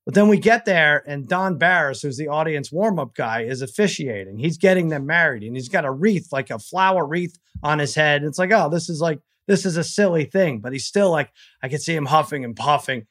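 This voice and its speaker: A middle-aged man co-hosting a sports podcast, telling family stories in a rambling, halting, self-deprecating way. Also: a little high, expressive, fairly bright tone, no room sound, clean studio sound. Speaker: podcast co-host. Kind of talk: casual storytelling chat.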